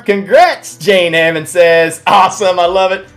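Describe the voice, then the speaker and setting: A man's voice: on the high side, animated, moderate pace, few pauses, soft background music. A man hosting a trading livestream, chatting casually and reading viewer comments aloud with lots of restarts. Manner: warm, rambling, reads chat aloud, many restarts. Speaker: livestream host.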